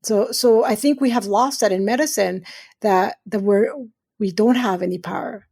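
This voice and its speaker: A woman's voice: mid-range voice, normal speed, creaky, a little mellow, breathy edge. A middle-aged woman, a surgeon guest on a podcast, speaking earnestly and emphatically, often repeating phrases for weight. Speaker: guest urologist. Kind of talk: podcast interview.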